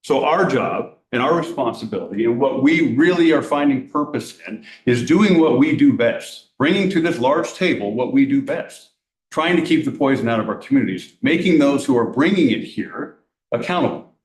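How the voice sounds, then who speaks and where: A man's voice: medium pitch, expressive, normal speed, reverberant, rough recording. A man from law enforcement giving an earnest public talk at a council meeting, asking the audience rhetorical questions.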